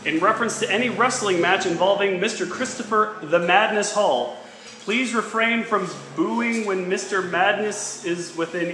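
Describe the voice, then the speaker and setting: A man interviewing backstage and reading a formal statement aloud in a measured way, with dry asides. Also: high voice, sharp tone, echoey room, a little hiss or hum, low-quality recording.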